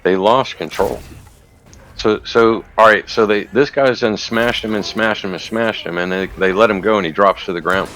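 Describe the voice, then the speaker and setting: A man's voice: lowish voice, moderate pace, a bit bright, slight background noise. A man casually retelling a story while gaming, rambling and profane. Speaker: gamer recounting a news video.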